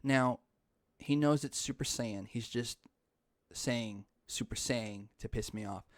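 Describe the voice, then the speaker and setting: Young male podcast host, mid-pitched, loose and rambling, swears casually. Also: takes it slowly, no room sound, clean studio sound. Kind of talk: casual chat.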